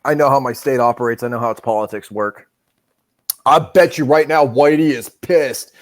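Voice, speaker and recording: A man's voice: mid-range voice, normal speed. A man from New Hampshire hosting a casual livestream, profane, joking and boastful. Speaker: livestream host.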